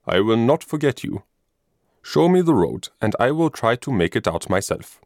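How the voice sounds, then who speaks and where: A man's voice: mid-range voice, sing-song, normal speed, darkish tone, no room sound, clean studio sound. A man voicing a hungry, lost nobleman hunter in a storybook reading, speaking in a commanding manner.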